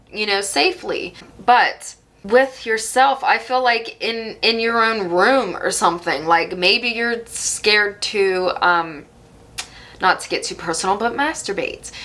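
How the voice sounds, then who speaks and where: A woman giving an intuitive tarot reading straight to her viewers, gentle and affirming, with soft laughs now and then. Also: fairly high pitch. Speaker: tarot reader.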